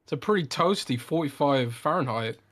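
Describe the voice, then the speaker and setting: A man's voice: mid-range voice, expressive, brisk, a bit bright. Male co-host, casual chat, playful teasing, easy laugh. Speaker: podcast co-host.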